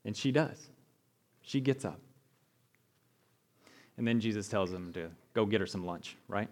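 He preaches conversationally in a fairly low voice, at a measured pace with long pauses. This male pastor often asks listeners "right?" and retells the story by acting out the people in it.

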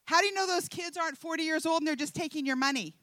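A woman's voice: very high-pitched, bright, forceful tone, dry recording. A woman mimicking a scoffing neighbor lady. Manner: scoffing, quick. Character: skeptical, mocking woman neighbor.

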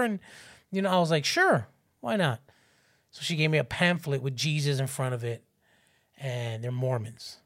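A man in his thirties telling a story in casual chat, animated and profane, acting out other people's voices. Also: moderate pace, pauses often. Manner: animated, profane, acts out voices with big pitch jumps.

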